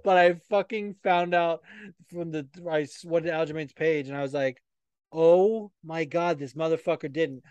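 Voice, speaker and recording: A young man hosts a podcast, his voice a little high. He chats casually and swears freely. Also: normal speed, clean tone, no echo, lo-fi sound. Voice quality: profane, animated storytelling. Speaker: podcast host. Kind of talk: casual chat.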